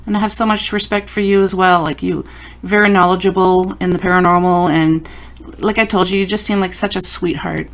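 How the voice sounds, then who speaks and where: A woman in her fifties from Canada, hosting a podcast and chatting with her guest, encouraging and quick to laugh. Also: fairly low pitch, fairly even intonation. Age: 50s. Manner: warm, encouraging, laughs often. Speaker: podcast host. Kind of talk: casual interview chat.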